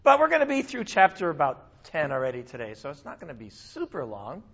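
A male pastor preaching a sermon in a conversational, animated way, with asides and small laughs. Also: fairly high pitch, brisk, vocal fry, slightly rough, highs cut off.

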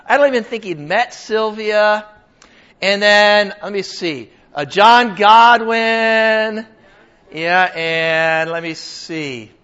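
An older pastor delivers his sermon in a high, bright-sounding voice, shifting between a loose, joking tone and firm emphasis. The recording is dull and lo-fi. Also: slow pace, smooth. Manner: conversational, emphatic, jokes with the congregation. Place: church hall with a congregation.

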